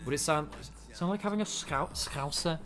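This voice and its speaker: A man's voice: fairly high pitch, normal speed, fairly bright tone, soft background music. A man from Wales, an esports commentator chatting casually on a stream and mocking himself, talking in a rambling way with lots of fillers. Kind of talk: casual chat during a stream break.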